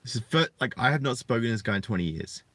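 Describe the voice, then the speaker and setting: A man in his thirties talking earnestly and reflectively to viewers on a live stream, often halting to find his words. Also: medium pitch, lively intonation, fairly bright tone, dry recording. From Australia. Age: 30s. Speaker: channel host. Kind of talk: live-streamed personal talk.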